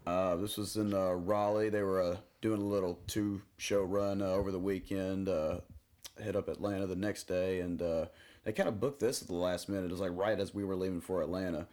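Low-voiced young man speaking hesitantly. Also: fairly even intonation, brisk, a little mellow. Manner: hesitant, many fillers. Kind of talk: casual chat.

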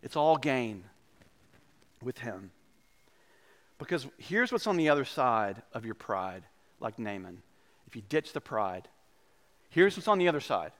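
Animated male pastor preaching. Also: mid-range voice, unhurried, long pauses. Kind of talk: sermon.

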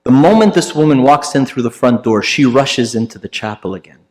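A man, a priest, telling a story in a sermon, conversational, with many fillers and restarts, acting out the people he quotes in louder, higher voices. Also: animated, brisk.

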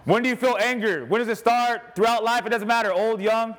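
His voice is very high-pitched and brisk. As a church speaker guiding a group activity, he jokes around energetically and shouts out to the congregation.

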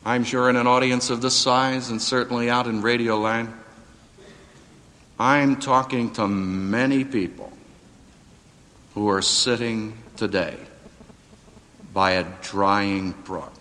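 A man preaching a sermon to a live audience, with dramatic emphasis that rises to near-shouts on quotes. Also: mid-range voice, fairly even intonation, slow, pauses often. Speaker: preacher and seminary professor. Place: auditorium before a live audience. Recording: hall reverb, radio broadcast.

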